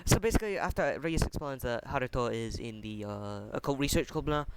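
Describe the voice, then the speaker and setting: A man casually retelling a fan story off the cuff, halting often with fillers, restarts and casual swearing. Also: medium pitch, lively intonation, heavy background noise.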